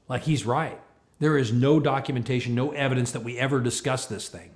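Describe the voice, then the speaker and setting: A man giving a talk on leadership, telling a story with lively, animated delivery and acting out both sides of a conversation. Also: mid-range voice, a little fast. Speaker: speaker on leadership.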